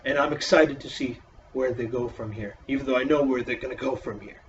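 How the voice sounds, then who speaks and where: A man's voice: medium pitch, a little fast, recorded from a distance, muffled recording, a little hiss or hum. A man casually reviewing a wrestling show in a profane, exasperated, sarcastic rant.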